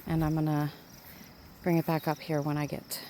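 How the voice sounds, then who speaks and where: A woman with a somewhat low voice talks casually to her viewers while walking outdoors in a quiet valley. Her phone picks her up in the open air, with clear nature noise of water and insects all around. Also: monotone. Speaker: vlogger. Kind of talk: casual nature walk vlog. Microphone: handheld phone camera. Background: rushing water, insects and birds.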